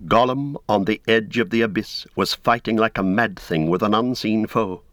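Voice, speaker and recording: A man reading an epic tale aloud as an audiobook narrator, in a grave, deliberate voice that swells at dramatic moments. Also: on the low side, a bit bright, no room sound.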